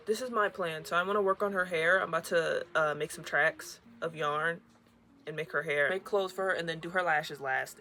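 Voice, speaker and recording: A young woman talks to the camera from her bedroom in a casual craft vlog. Her voice is bright and ringing, and she rambles in a chatty way. She can sound worn-out and grumbling one moment and squeal with excitement the next. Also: lowish voice. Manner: chatty and expressive, swinging between weary grumbling and squealing excitement. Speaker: crochet vlogger.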